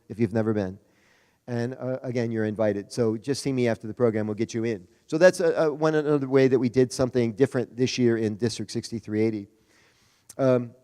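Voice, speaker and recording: A man's voice: medium pitch, a little mellow. A man giving a folksy, chatty conference speech as a Rotary district leader, joking with the crowd over a PA mic. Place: large conference hall. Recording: reverberant conference hall.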